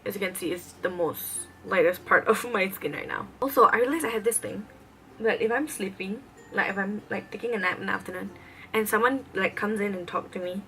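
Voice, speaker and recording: A young beauty vlogger talks through a casual makeup tutorial, rambling chattily and filling the gaps between steps with lots of fillers. Her medium-pitched voice is bright, brisk and forceful, but the audio is poor, with a little hiss or hum.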